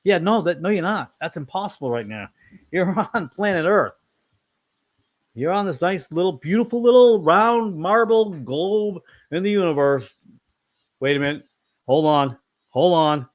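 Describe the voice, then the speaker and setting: The host of this online fellowship talk is a man whose voice sits high, with lively intonation and a moderate pace. He preaches in a relaxed, wandering style, giving blunt views and repeatedly correcting himself.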